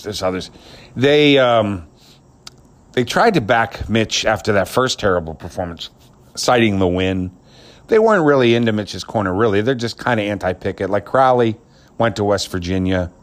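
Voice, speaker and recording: Crude, rambling man ranting about football. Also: sits low. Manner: laughs at his own jokes. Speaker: sports commentator. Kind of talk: casual opinionated sports rant.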